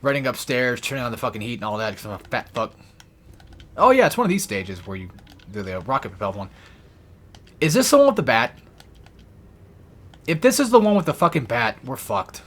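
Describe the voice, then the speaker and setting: A man's voice: medium pitch, huge pitch swings, fairly quick, pauses often, a bit bright. A man doing casual, profane and rambling commentary over a video game, a little out of breath. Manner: rambling, profane, self-deprecating. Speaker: let's play gamer.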